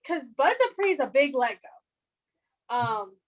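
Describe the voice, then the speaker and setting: A woman in her twenties, co-hosting a casual sports chat with chatty, animated talk and frequent laughs. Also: sits high, slow, poor audio. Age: 20s. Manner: fan of the team, says "our defense". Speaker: podcast co-host.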